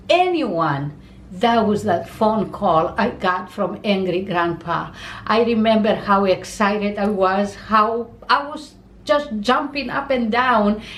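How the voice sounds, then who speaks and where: Slow, halting woman in a roomy space. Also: mid-range voice. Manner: halting, repeats words, slow and heartfelt. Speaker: YouTuber's mother. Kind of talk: emotional casual talk to camera. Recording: roomy with faint background noise.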